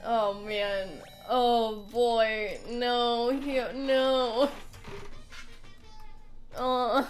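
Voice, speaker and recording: Young woman streamer, unhurried, chatty and giggly, faint game music behind. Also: on the high side, little pitch movement. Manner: chatty and giggly, greeting viewers between laughs. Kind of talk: casual live-stream chat during a game playthrough.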